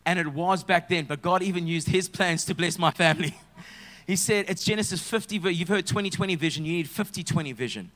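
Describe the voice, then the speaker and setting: Pastor preaching a sermon. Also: male voice, high voice, brisk. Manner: dynamic, swings from loud shouts to soft hushed tones. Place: church.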